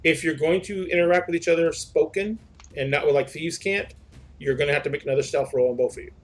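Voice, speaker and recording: A man's voice: a little high, steady tone, faint music behind. A man running a tabletop game as game master, chatting casually and describing scenes. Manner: casual, loose and swearing, with quick scene descriptions.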